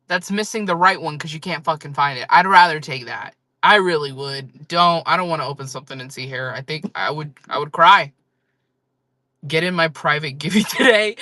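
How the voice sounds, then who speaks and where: A woman's voice: low-pitched, moderate pace, sharp tone, no echo. A woman chatting casually on a live-selling stream, joking, rambling and laughing often.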